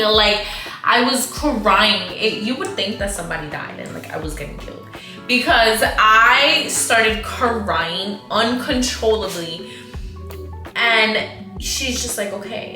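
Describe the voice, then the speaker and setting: A woman's voice: mid-range voice, roomy sound. A woman in her twenties, a vlogger telling a story in casual chat, acting out the people she quotes. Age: 20s. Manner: animated, acts out quotes, says like a lot.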